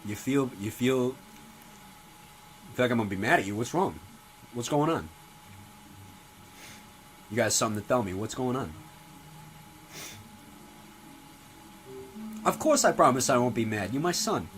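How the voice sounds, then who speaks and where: A man playing a gruff, foul-mouthed, middle-aged mob-style father in a comedy sketch. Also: medium pitch, expressive, moderate pace, long pauses, slight background noise, close to an everyday voice, rough recording. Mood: prodding. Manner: swaggering, profane, tough-guy drawl. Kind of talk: comedy sketch character acting. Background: music playing.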